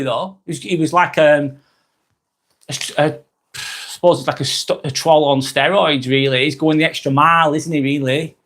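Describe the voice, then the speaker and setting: A man's voice: on the high side, a bit bright. A man with a Lancashire accent and a slightly sore throat, chatting casually on a live stream, rambling and repeating himself as he reads out comments. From England.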